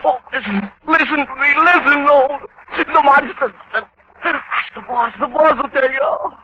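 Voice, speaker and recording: A man's voice: extremely high pitch, steady tone, unhurried. An actor playing a terrified, simple-minded man fleeing a manhunt, stammering and pleading in old-time radio drama style. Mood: desperate. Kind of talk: 1940s radio acting. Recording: dull old radio recording with hiss.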